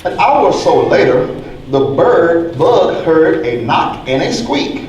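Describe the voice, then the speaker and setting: A man's voice: fairly high pitch, very animated, takes it slowly, highs cut off. Brief: man storyteller, sing-song read-aloud, distant mic, roomy echo, faint noise. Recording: echoey hall from far off, faint noise.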